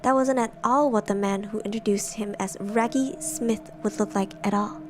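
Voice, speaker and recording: A young woman streamer narrating horror stories in a soft, hushed semi-ASMR style, with giggly asides. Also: mid-range voice, steady tone, normal speed, noisy background.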